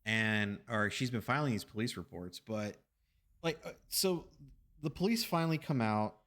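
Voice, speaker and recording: A man streaming from his apartment, telling a long anecdote in a rambling, animated way with restarts and casual swearing. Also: on the low side, moderate pace. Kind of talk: casual storytelling chat. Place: home apartment.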